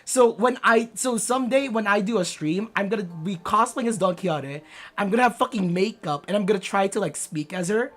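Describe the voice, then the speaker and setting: A woman in her twenties streams a game with casual, playful chatter full of fillers and frequent swearing. Her voice is medium-pitched and a little fast.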